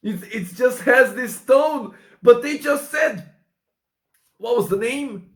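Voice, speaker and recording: A young man recording a casual reaction commentary, excitable and exclaiming, often saying "man". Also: extremely high pitch, slow, roomy sound. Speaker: YouTube reactor.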